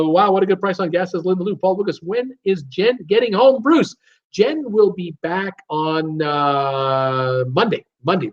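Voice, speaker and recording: A man's voice: a little high, dull audio. A man from Canada hosting a live cruise show from home, reading viewer comments aloud and joking along. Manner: chatty, reads names aloud and jokes along.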